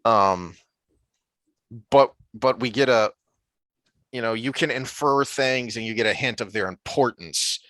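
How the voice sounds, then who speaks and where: A man's voice: mid-range voice, a little slow, long pauses, a bit bright, no echo. A man co-hosting a casual book discussion podcast, thoughtful and full of fillers and restarts, sometimes reading passages aloud. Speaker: podcast co-host.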